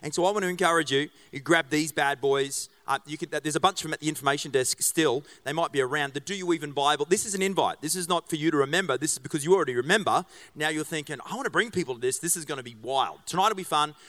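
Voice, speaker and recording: A man's voice: on the high side, fast talker, hardly any pauses, bright, forceful tone. A middle-aged man, a pastor giving a casual sermon in a church, chatty and joking, with many fillers and restarts. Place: church auditorium.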